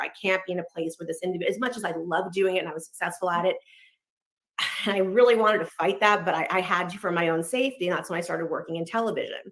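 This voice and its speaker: A woman in her thirties from Los Angeles, telling her personal story quickly and candidly, acting out bits of dialogue along the way. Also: on the low side. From Los Angeles, United States. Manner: fast, candid, animated retelling with quoted dialogue.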